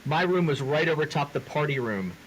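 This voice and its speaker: A man co-hosting a podcast in casual chat, jokey and quick to laugh. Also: fairly high pitch, animated, a little hiss or hum, poor audio. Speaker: podcast co-host.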